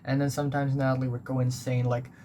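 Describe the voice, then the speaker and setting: Talking fast in a medium-pitched voice, a young man vlogs about school life, rambling bluntly and offhandedly with plenty of ums and uhs. The audio is poor, a home recording with a constant hum behind him.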